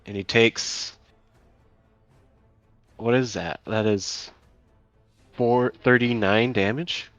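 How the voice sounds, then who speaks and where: A man's voice: medium pitch, steady tone, takes it slowly, long pauses, fairly bright tone, no echo, highs cut off, soft background music. A man serving as game master, narrating a tabletop game in a casual, stop-start way with many fillers, over an online call.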